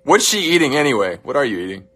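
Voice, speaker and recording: Bright, teasing man hosting a livestream. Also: mid-range voice, big pitch swings, quick pace. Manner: teasing, reads out viewer comments. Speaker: livestream host. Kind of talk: casual livestream chat. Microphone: holding a phone camera.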